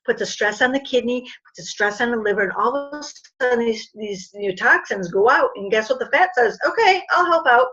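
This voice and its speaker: A woman's voice: on the high side, fairly quick, few pauses, a bit bright, breathy edge. A middle-aged woman, a naturopathic doctor, giving an informal health talk to an audience and often checking in with "okay?" and "you know". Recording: dull lo-fi recording.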